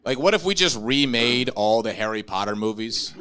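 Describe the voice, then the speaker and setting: A man's voice: mid-range voice, expressive, moderate pace, crowd noise. A young adult man doing stand-up comedy with a dry, ironic delivery.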